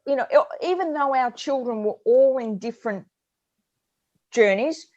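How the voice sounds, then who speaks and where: A middle-aged woman, co-hosting a parenting advice chat and telling stories in an animated way. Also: high-pitched, normal speed, highs cut off. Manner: animated storyteller, acts out her own yelling. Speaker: co-host.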